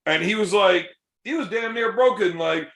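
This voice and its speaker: A man's voice: sits high, normal speed, vocal fry, fairly bright tone, echoey room. A man hosting a casual podcast chat, telling coaching stories in a profane, emphatic way. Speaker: podcast host and arm wrestling coach.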